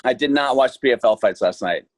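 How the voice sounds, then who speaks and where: A man's voice: medium pitch, fast talker, no echo. A man who is an actor, a guest on a podcast, chatting casually and tossing off wry asides. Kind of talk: casual chat.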